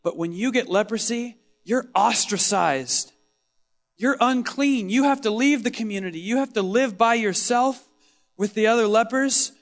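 Higher-voiced man preaching a dramatic monologue. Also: moderate pace, soft background music. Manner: expressive storytelling, swinging from loud exclaims to hushed tones. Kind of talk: first-person dramatic sermon monologue.

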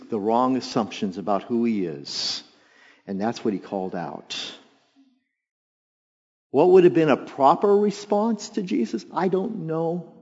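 A pastor preaches a sermon as animated storytelling, adding lively asides and acting out the voices of the story's characters with jumps in pitch and volume. The recording has a long hall reverb and a dull, lo-fi quality.

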